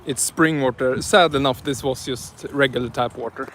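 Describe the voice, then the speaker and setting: A livestreamer jokes and chats with viewers while driving and then shopping in a large grocery store, recorded on a handheld phone. His medium-pitched voice is steady, a bit bright and moderate in pace, with slight hiss or hum.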